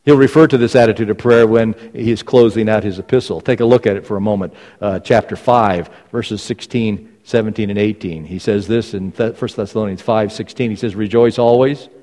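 A man's voice: lowish voice, steady tone, brisk, few pauses, mellow. A man preaching a sermon as pastor, emphatic and repeating phrases for stress. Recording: long reverb of a large hall.

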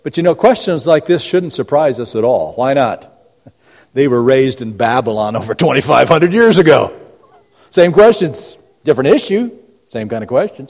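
Pastor guy preaching in a church, mellow dark voice, long echo off the walls, goes from loud to real quiet. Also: lively intonation, moderate pace. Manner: preaching with rhetorical questions, swinging between booming and hushed. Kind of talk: sermon. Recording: long hall reverb.

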